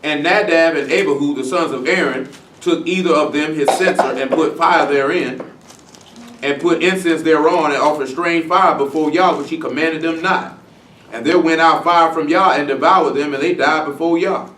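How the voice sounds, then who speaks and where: Blunt preacher, echoey room, distant mic. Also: male voice, a little high, a bit bright, a little hiss or hum. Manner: casual, blunt preaching with slang and rhetorical questions; slow, stressed reading of scripture. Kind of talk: Bible-study sermon. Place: congregation meeting room.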